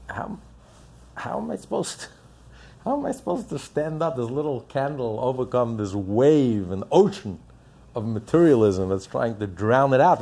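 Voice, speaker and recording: Impassioned husky male preacher. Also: medium pitch, mellow. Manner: impassioned, builds up with rhetorical questions. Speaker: religious teacher. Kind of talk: sermon.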